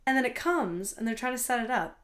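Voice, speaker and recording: A woman's voice: fairly high pitch, animated, quick pace, a bit bright. A young woman, a college student, co-hosting a casual chat podcast from her bedroom, telling a long story and acting out the people in it. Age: young adult. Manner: chatty storyteller, acts out quoted people. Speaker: podcast co-host.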